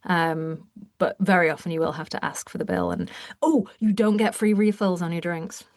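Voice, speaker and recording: A woman's voice: lowish voice, steady tone, normal speed, a little mellow, no echo, clean studio sound. An English woman chatting as a podcast guest, emphatic and talkative, with a casual swear now and then. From England. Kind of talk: casual chat.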